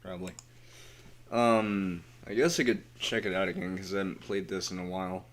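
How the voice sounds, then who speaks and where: A man's voice: low voice, steady tone, normal speed. A tired man casually commenting while he streams a game, rambling in mumbled asides to himself.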